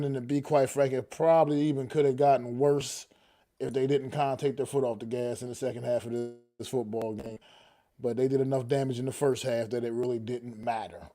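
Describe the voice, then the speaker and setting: A man's voice: mid-range voice, mellow. A man hosting a sports podcast in a casual, slangy way, greeting listeners and repeating himself. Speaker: podcast host.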